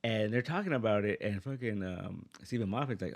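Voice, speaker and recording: A man's voice: fairly low pitch, a little fast, vocal fry. A man co-hosting a podcast, telling a profane, rambling story in casual chat and laughing often. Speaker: podcast co-host.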